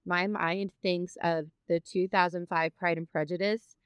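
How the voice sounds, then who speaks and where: A woman with a lowish voice co-hosts a relaxed book chat and works through each chapter with care. The sound is dry and close, with no room around it. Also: a little slow, clean tone, no room sound. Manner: thoughtful, reads book passages aloud. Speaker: podcast co-host. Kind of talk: casual book discussion.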